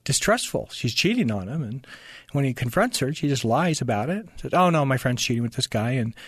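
A man's voice: mid-range voice, big pitch swings, fairly quick, breathy edge, no echo, studio quality. A man who writes books, talking in an interview and telling a story, stumbling over restarts and acting out the voices of the people in it. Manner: stammering restarts, acts out quoted voices. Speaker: author guest.

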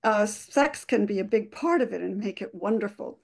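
A woman neuroscientist guest explaining love at first sight on a radio call-in show in a measured way. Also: mid-range voice, expressive, creaky, a little mellow.

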